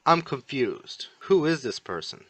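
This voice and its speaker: A man's voice: medium pitch, big pitch swings, a little slow, a bit bright, no room sound, voice pushed up. A man voicing a pious young nobleman who asks puzzled, bewildered questions.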